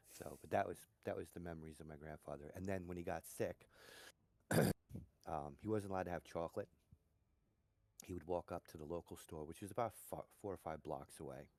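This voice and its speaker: Man, very low voice, middle-aged, casual rambling chat. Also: darkish tone. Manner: rambling storyteller, full of "you know". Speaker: gamer chatting on a stream.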